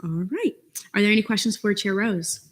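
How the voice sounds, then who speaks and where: A young woman presiding over a student government meeting, briskly calling on committee chairs. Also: mid-range voice, a little hiss or hum. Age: young adult. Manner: brisk, procedural, calls on speakers.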